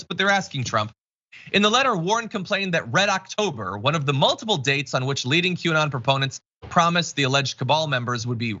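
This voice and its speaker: A man hosts a casual online news show, his voice bright and animated as he jokes wryly through the stories. His pitch sits a bit high for a man. The stream audio is somewhat dull and lo-fi. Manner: wry, joking, fast asides. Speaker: show host.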